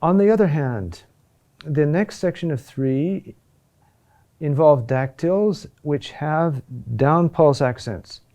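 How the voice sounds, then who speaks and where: A man teaching a recorded lesson on chant rhythm, talking deliberately with pauses and "huh?" checks. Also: a little high, expressive, warm tone.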